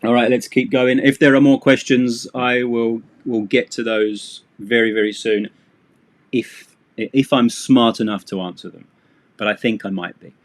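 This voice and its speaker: Slow, chatty male English teacher. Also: medium pitch, steady tone. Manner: chatty, rambling, self-deprecating asides. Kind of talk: live-streamed English lesson.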